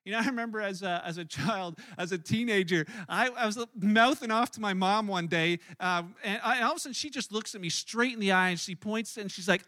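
A man preaches in a high, bright voice that carries a lot of edge. His delivery is animated and conversational, and he often stumbles over and repeats words as he tells the story. The recording is close and dry, with no room sound at all. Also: a little fast, few pauses, dry recording. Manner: animated storytelling with frequent word repeats and restarts. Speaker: pastor. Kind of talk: sermon.

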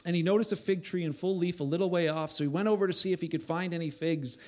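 A man preaching a sermon in a conversational way, building to loud emphatic bursts at times. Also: high voice, steady tone, fast. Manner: conversational preaching, voice rising to near shouts for emphasis. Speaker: pastor.

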